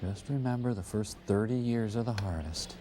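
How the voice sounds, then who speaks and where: A man's voice: lowish voice, moderate pace, background noise. A man firing off dry wisecracks over a film. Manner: dry, wisecracking one-liners. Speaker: movie riffer. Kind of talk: comic riffing over a film. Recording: film music underneath.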